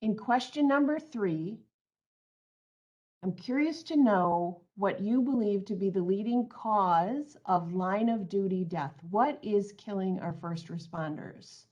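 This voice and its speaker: A woman's voice: medium pitch, expressive, slow, a little mellow, highs cut off. A woman presenting an online training webinar, reading out audience answers and then explaining her points earnestly, on a computer mic.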